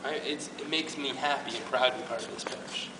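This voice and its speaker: A man's voice: medium pitch, steady tone, brisk, recorded from a distance. Man, youth group faith talk, earnest, stumbling restarts, echoey hall, faint room noise. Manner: earnest and emotional, with frequent restarts. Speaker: parish youth ministry speaker.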